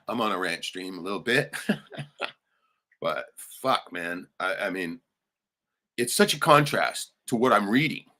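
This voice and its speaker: Profane ranting man, bright low voice. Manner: profane, heated, laughing asides. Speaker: livestream host. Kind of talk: ranting livestream monologue.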